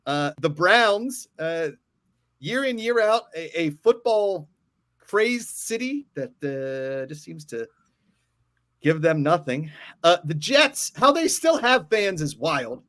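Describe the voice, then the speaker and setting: A man hosting a casual sports talk show, with a fairly high voice that swings widely as he rants. He gets worked up, then backs off with apologies. The sound is dry and close. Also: dry recording. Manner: animated, ranting, quick to apologize for yelling. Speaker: podcast host.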